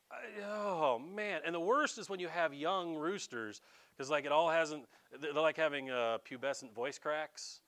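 A man's voice: on the high side, moderate pace, slight background noise. A middle-aged man, preaching a folksy, joking sermon as pastor. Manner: folksy, animated preaching with jokes and asides.

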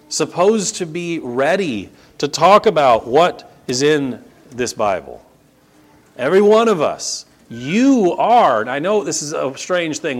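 A middle-aged man preaches a sermon, his pitch rising and falling a great deal as he presses each point. He piles up emphatic repetitions and throws in sarcastic asides. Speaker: pastor.

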